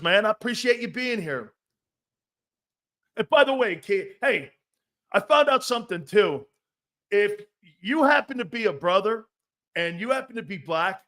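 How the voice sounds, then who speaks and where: A man's voice: high voice, pushed and bright. A middle-aged man hosting a casual sports talk show, brash and profane, laughing often as he riffs and reads viewer comments.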